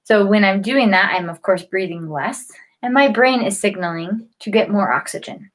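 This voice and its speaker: A woman's voice: mid-range voice, moderate pace, low-quality recording. A woman giving a casual health lesson to a camera, chatty, with many fillers and restarts, and yawning often as she talks. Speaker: health educator.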